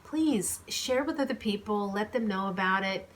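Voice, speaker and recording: A woman's voice: medium pitch, expressive, normal speed, slight background noise. A woman author reading her own novel aloud and chatting between chapters in an emotional, rambling way, recorded on a home microphone. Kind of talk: audiobook narration and chatty aside.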